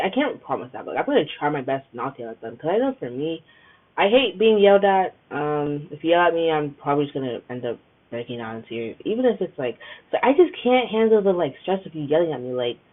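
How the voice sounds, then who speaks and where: A young adult woman hosting a podcast, giving her opinions in a chatty, emphatic way. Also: fairly low pitch. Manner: chatty and emphatic, many filler "like"s. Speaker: podcast host. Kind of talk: casual opinion monologue. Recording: tinny phone-like sound.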